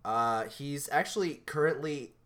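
A young man co-hosting a podcast in casual chat, talking in an animated, rambling way with many restarts. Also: a little high, measured pace. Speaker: podcast co-host.

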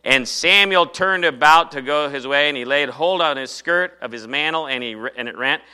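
A man preaching a sermon, retelling Bible stories with animated storytelling and acting out the dialogue. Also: a little high, moderate pace, clean tone.

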